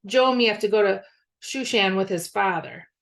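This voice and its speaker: Bossy scheming boy, impatient, storybook reading, gravelly undertone, voiced by a woman. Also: mid-range voice, moderate pace, natural voice. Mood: pushy.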